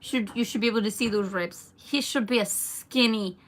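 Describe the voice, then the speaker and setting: Her voice is a little high and her speed normal as the young Irish singer giggles through a casual live stream. She reads her fans' comments aloud and replies in a chatty way.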